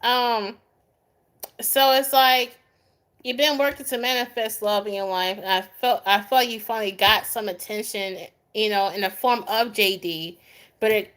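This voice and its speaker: Laughing a lot, a young woman reads tarot live and greets her viewers by name, keeping things goofy and relaxed. Her voice is mid-range and a bit bright.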